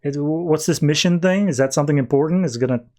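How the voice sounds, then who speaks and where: A man's voice: a little high, fast, warm tone, lightly acted. A man voicing a friendly, laid-back young male sea hero with an easygoing drawl.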